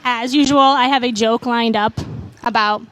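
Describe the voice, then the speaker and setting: Cheerful, slightly high-voiced woman co-host. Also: fairly even intonation, moderate pace, a bit bright, slight background noise, low-quality recording. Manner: cheerful, giggly, fond of bad jokes. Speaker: church pre-show co-host, parent. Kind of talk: casual chat.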